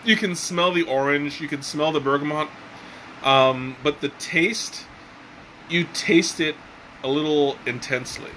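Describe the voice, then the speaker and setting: Hesitant man with a higher voice. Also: unhurried, sharp tone, slight background noise, low-quality recording. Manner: hesitant, many fillers and restarts, chuckles often. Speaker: tea reviewer. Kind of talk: casual live tea tasting.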